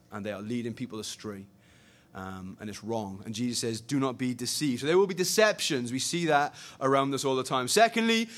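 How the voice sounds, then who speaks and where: A young man preaching a sermon, animated and conversational, swinging between loud emphasis and quiet earnestness. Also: medium pitch.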